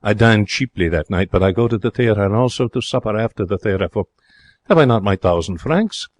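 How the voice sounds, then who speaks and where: An actor playing an excitable young Frenchman in a radio drama, speaking broken English in a French accent with theatrical, emotional delivery. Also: fairly low pitch, a little fast. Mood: wistful. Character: young excitable romantic Frenchman, former hotel cashier. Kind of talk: 1940s radio drama narration.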